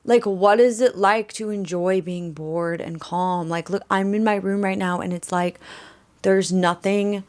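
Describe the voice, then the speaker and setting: A young woman who is a vlogger and musician talks chattily in a candid, rambling vlog, recorded close to the mic in her bedroom. Her middle-pitched voice is steady, unhurried and darkish, and she keeps circling back with fillers and self-corrections.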